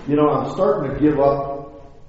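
A man's voice: mid-range voice, moderate pace, a little mellow. Folksy man preaching in an echoey hall. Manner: folksy, rambling, asks rhetorical questions. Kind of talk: informal Bible talk. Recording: echoey hall, dull lo-fi sound, faint hiss.

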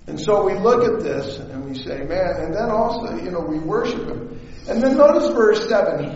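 A man preaching a sermon in a conversational way that rises to shouts. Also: high voice, lively intonation, normal speed, distant mic, slight background noise. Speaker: pastor. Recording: echoey hall, dull sound.

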